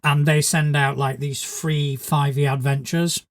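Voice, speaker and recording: A man's voice: on the high side, little pitch movement, a little slow. A man from Spain hosting a podcast in casual chat, joking dryly and swearing freely. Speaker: podcast host.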